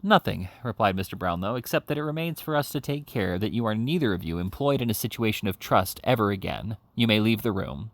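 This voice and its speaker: Low gravelly man reading a novel. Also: animated, brisk, few pauses, no echo. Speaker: audiobook reader.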